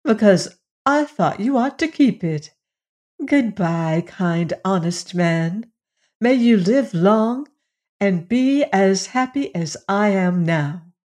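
A woman voicing a happy, kind female tree spirit in a storybook, sounding bright and tender. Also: medium pitch, animated, takes it slowly.

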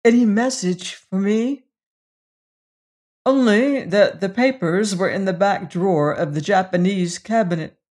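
A grave country doctor, as a reader puts him on, answering briefly in a measured, sober way. His voice is steady and restrained. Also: mid-range voice, natural voice.

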